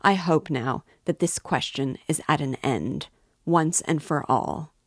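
A woman's voice: sits low, slow pace, no room sound, studio quality, full character voice. A woman reading the part of a pompous, sarcastic middle-aged male suitor in a lofty tone.

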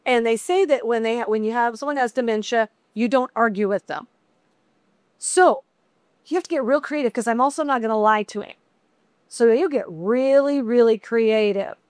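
A middle-aged woman teaching a women's Bible study in a chatty, conversational way with animated asides. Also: fairly high pitch, clean tone, dry recording.

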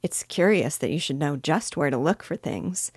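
A woman's voice: sits low, lively intonation, normal speed, darkish tone, slightly rough, dry recording, clean studio sound, full character voice. A woman voicing an earnest, polite little girl who speaks primly. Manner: prim and polite.

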